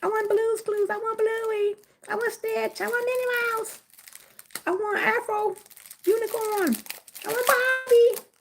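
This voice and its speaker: A woman's voice: very high voice, steady tone, unhurried, gravelly, pitched above the performer's own voice, exaggerated voice. A woman voicing a small child who whines and begs her mommy for a toy, repeating the same plea insistently. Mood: whiny begging. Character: whiny little child begging mommy for a toy.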